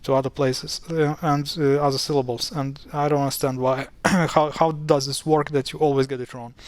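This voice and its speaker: In a casual screen-share video, a chatty man explains pronunciation at a moderate pace, his voice fairly high with little pitch movement. He sounds exasperated by mispronunciations and uses many fillers and restarts.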